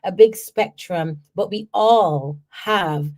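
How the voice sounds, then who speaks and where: A woman from Jamaica, a podcast host telling personal stories in an animated way, often checking in with the listener. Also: lowish voice, takes it slowly. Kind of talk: personal storytelling.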